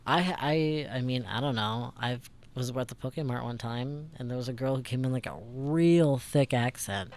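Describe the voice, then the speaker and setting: A man's voice: mid-range voice, normal speed, hardly any pauses. Rambling young man. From St. Louis, Missouri. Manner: rambling, swears often, many fillers. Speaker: podcast co-host. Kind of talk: casual chat.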